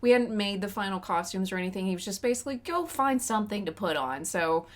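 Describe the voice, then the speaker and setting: A woman's voice: medium pitch, expressive, quick pace. A woman from West Texas co-hosting a casual movie podcast, recapping the plot with sarcastic, opinionated asides. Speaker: podcast co-host. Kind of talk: casual movie review chat.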